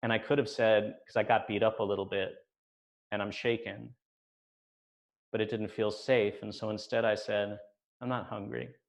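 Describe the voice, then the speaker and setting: A man in his forties telling a personal story on stage, measured with deadpan asides. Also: on the low side. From United States.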